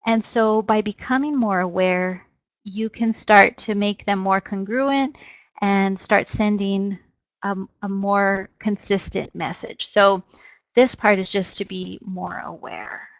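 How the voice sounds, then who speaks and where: A woman's voice: medium pitch, slow, no room sound. A woman presenting an educational webinar. She explains steadily and opens many sentences with "so". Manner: explanatory, steady, frequent "so" as a lead-in. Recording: dull, dry webinar audio.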